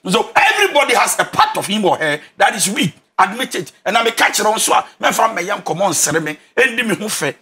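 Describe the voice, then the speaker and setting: Animated Ghanaian counselor man with a bright voice. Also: sits high, a little fast, hardly any pauses. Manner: emphatic, preacher-like, repeats key phrases. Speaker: relationship counselor.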